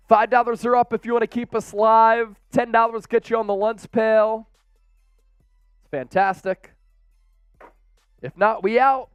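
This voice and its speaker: A man hosting a sports live stream, chatting casually and excitedly straight to his viewers as he reads out their donations. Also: sits high, clean tone, no echo. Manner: hyped, talks straight to the viewers.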